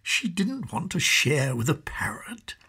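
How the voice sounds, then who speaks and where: A woman narrating a children's storybook in an expressive, slow storytelling manner. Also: low-pitched.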